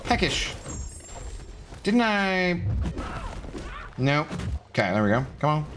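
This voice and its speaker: A man's voice: fairly high pitch, sing-song, takes it slowly, background noise. A man casually chatting with his live-stream viewers while gaming, rambling and answering chat messages. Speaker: game streamer.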